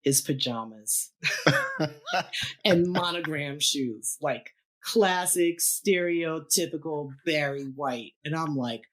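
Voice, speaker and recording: Lively middle-aged woman telling a story. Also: low-pitched, slow pace. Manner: animated, laughs often, acts out quoted voices. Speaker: podcast guest, keyboardist. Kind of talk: storytelling in casual chat.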